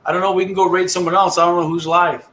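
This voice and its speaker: A man's voice: high voice, little pitch movement, fast talker, fairly bright tone, a little hiss or hum, low-quality recording. Laid-back man hosting a casual stream. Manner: laid-back, rambling with fillers. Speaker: host. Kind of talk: casual live-stream chat.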